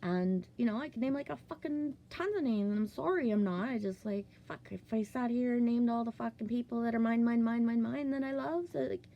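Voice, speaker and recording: A woman's voice: a little high, fairly quick, gravelly, few pauses, dull audio. A woman from Ontario, Canada, telling a personal story in a casual vlog, swearing often, filling with "like" and sometimes dropping to a whisper. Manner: heavy swearing, many "like" fillers, drops to whispers. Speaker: vlogger.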